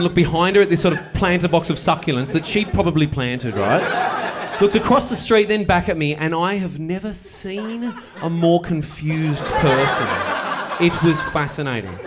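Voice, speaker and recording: A man doing stand-up, telling a story with wry, deadpan delivery and playful asides. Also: on the high side. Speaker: stand-up comedian. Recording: live show with audible noise. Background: audience laughter.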